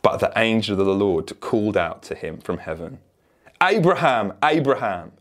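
Man, sermon, earnest and emphatic, lowish voice. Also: a little fast. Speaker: preacher.

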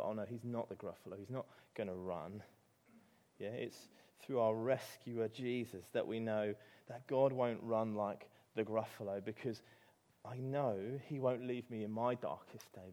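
A man's voice: on the low side, mellow. A man with an English accent preaching a sermon, telling a story with animation and rising to emphatic peaks.

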